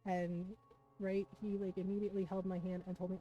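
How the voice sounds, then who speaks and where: Emotional woman streamer, dark and flat. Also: mid-range voice, fast talker. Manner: emotional, many fillers and "right?" asides. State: close to tears. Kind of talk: casual chat to stream viewers. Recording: dull lo-fi stream audio with soft music.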